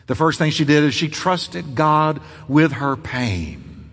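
A man's voice: fairly high pitch, sing-song, slow pace, fairly bright tone, husky, big-room sound. A man preaching a sermon as pastor, building drama through repetition.

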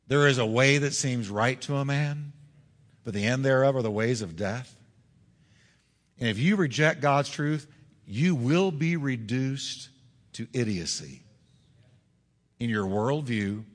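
A man's voice: medium pitch, big-room sound. A male pastor preaching a sermon in a church, emphatic and full of rhetorical questions. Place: church sanctuary.

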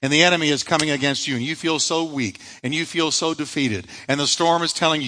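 A man's voice: on the high side, a little fast, few pauses, pushed and bright, long reverb tail, low-quality recording. A male pastor preaching a sermon, emphatic, asking rhetorical questions and answering them himself.

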